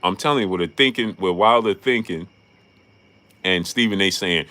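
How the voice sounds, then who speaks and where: A man's voice: sits low, normal speed, bright, forceful tone. A man hosting a casual boxing livestream, greeting chat viewers and laughing often. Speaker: boxing talk show host.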